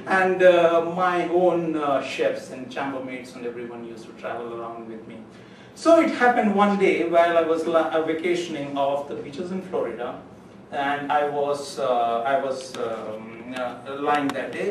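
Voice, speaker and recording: A man telling a humorous story in a club speech, acting out other people's voices with sudden high, loud lines. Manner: storytelling, acts out voices with rising pitch. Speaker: club speaker. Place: meeting room. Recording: echoey room from far off, faint noise.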